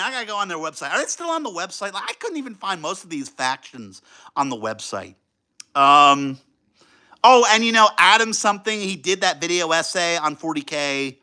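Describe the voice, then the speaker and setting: A young man rambling through a casual livestream chat with a sharp, bright voice. His pitch is high and swings all over, and he fills the gaps with ums and sudden excited exclamations. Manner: rambling, excitable, many fillers. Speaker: livestream host.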